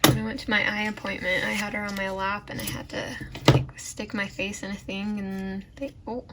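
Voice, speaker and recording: A woman's voice: mid-range voice, little pitch movement, normal speed, very noisy. A woman chatting casually as she narrates a plan-with-me video and talks to her baby now and then. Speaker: planner vlogger.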